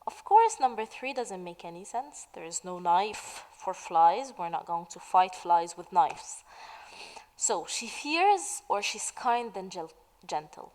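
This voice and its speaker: Slow, patient woman teaching idioms. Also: medium pitch, very animated, darkish tone, long reverb tail, rough recording. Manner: slow, patient, asks questions and answers them. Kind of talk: slow explanatory lesson narration.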